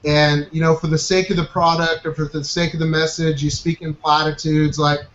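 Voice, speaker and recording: A man's voice: on the high side, little pitch movement, moderate pace, a bit bright. A man hosting a casual group call, talking in an upbeat, encouraging way with many fillers. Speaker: host of a marketing coaching group call. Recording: dull, roomy call audio with faint noise.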